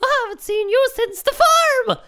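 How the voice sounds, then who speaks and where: A man voicing a cheerful, muddled farm woman who runs an ice cream parlour, speaking in a slow sing-song in an improvised game role-play. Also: extremely high pitch, lively intonation, sharp tone, heavily acted. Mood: doting.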